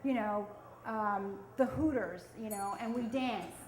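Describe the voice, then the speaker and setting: A woman's voice: mid-range voice, unhurried, roomy sound, slight background noise, rough recording. A woman, telling a self-mocking story on stage at a storytelling event. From South Philadelphia. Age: 40s. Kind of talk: live storytelling.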